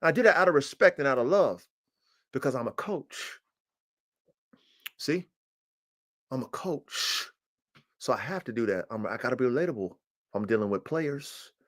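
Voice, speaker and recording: On a streaming mic, a man runs a casual livestream monologue about the working dogs he breeds, bragging and cursing with swagger. His voice is expressive and fairly bright, at a normal pace with frequent pauses, and it leaps higher when he gets excited.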